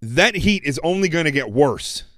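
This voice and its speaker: A man delivers a heated political monologue, speaking straight to "folks" at home. His voice sits a little high for a man, and the sound is close and dry, with no room around it. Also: lively intonation, normal speed, fairly bright tone, no room sound. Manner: fired-up, addressing viewers as folks. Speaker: political commentary show host.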